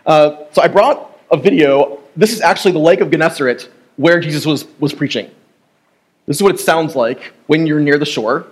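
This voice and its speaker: Pastor guy giving a sermon, kinda high voice, super casual and jokey, lots of uhs. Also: moderate pace. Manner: casual, joking, chatty with many fillers. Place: church sanctuary.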